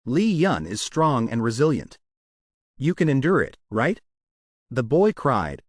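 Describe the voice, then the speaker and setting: A man reading a comic story recap aloud in a steady, plain storytelling manner. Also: medium pitch, normal speed, dry recording, studio quality. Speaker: manhwa recap narrator. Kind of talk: scripted story narration.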